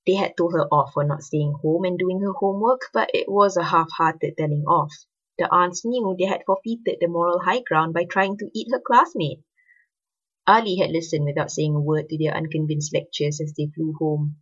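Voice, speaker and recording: A woman reads a story aloud with expressive narration. Her voice is low and husky. The recording is dull and lo-fi. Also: moderate pace.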